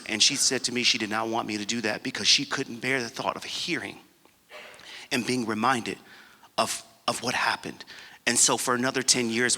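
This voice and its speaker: A man's voice: medium pitch, bright, forceful tone. A man in his forties giving a personal storytelling keynote speech, earnest and emphatic, acting out the dialogue of his story. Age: 40s. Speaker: keynote speaker. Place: large conference hall. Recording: long reverb of a conference hall.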